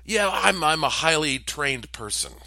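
A man's voice: on the high side, big pitch swings, unhurried, vocal fry, bright, forceful tone, dry recording, voice pushed up, exaggerated voice. A man voicing a friendly, chatty middle-aged stranger who asks eager questions.

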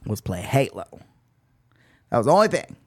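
Animated young man chatting on a podcast. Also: medium pitch, moderate pace, slightly rough, no echo, clean studio sound. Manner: animated, dramatic, exaggerated outbursts. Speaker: podcast host. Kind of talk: casual chat. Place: Venice, California.

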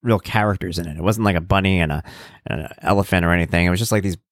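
A man's voice: deep voice, racing, no echo, clean studio sound. A man hosting his own podcast, talking casually and rambling through his thoughts with plenty of fillers. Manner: rambling, conversational, thinks aloud with fillers. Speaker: podcast host. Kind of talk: casual solo podcast monologue.

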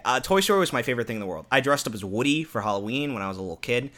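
A young man co-hosting a podcast in casual chat, animated, cursing often and laughing as he tells stories. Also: medium pitch, rapid-fire. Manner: animated, swearing, breaks into laughter. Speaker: podcast co-host.

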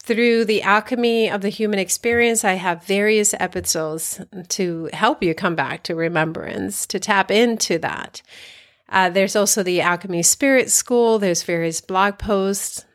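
A woman's voice: medium pitch, unhurried. A woman hosting a spiritual podcast, talking in an earnest, emphatic way and repeating phrases for emphasis. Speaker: podcast host and spiritual coach. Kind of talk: inspirational podcast monologue.

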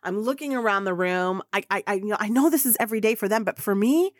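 A woman podcast host telling a story in an excitable way, acting out the voices of the people in it. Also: medium pitch, quick pace, no echo, clean studio sound. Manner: acts out quoted voices, excitable. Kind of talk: animated storytelling.

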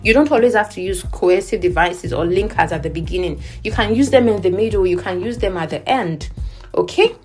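A woman's voice: medium pitch, animated, a little fast, a little mellow. Woman teacher thinking aloud over faint music. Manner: thinks aloud, edits her own writing, frequent "okay?" checks. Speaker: IELTS writing teacher. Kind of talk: teaching while writing a practice essay.

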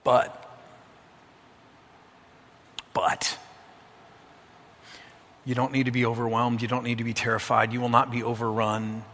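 A middle-aged male pastor preaching a sermon, swinging from loud, emphatic lines to hushed storytelling and stretching out the scripture lines slowly. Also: mid-range voice, level tone. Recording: long hall reverb with music behind.

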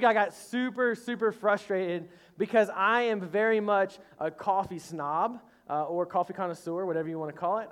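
Man, pastor, casual sermon, fairly high voice, earnest with joking asides, talks to the congregation.

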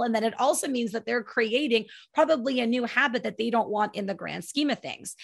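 A woman in her thirties hosting a parenting podcast, chatting in an animated way and acting out her toddler's lines. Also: fairly high pitch, gravelly. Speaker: podcast host, child sleep consultant. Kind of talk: casual solo podcast advice.

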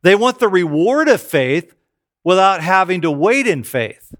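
A man's voice: high-pitched, very animated, a little slow, a bit bright. A middle-aged man preaching a sermon, telling self-deprecating stories to his congregation. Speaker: pastor.

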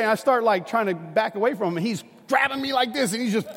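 A middle-aged male pastor with a notably high voice, preaching to his congregation. He slips into animated, conversational storytelling. His voice rings out with a long reverb in a large hall. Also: brisk, husky. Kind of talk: sermon.

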